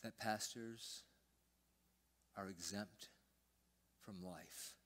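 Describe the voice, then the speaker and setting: An older male pastor with a fairly low voice, preaching a sermon in a church. He tells his story with sudden loud emphasis, then drops to a hushed near-whisper. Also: drawn-out words. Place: church sanctuary.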